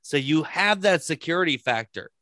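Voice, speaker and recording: A man's voice: on the high side, lively intonation, moderate pace, bright, forceful tone, no room sound, studio quality. A man chatting casually and telling a story with plenty of swearing. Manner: storytelling with profanity. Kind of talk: casual chat.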